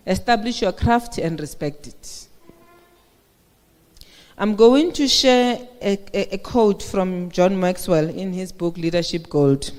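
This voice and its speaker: A woman's voice: medium pitch, a little mellow. Woman in an echoey hall. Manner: conversational, asks the audience questions. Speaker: speaker at a women's conference. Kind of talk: motivational talk. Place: conference hall. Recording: echoey hall with long reverb.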